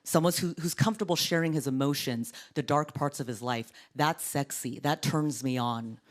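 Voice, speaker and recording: A woman in her thirties from Orange County doing stand-up on a TV studio stage, with a deep, sultry voice and deadpan, self-mocking delivery. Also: moderate pace. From Orange County, California. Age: 30s. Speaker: comedian. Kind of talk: stand-up comedy. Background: studio audience laughter.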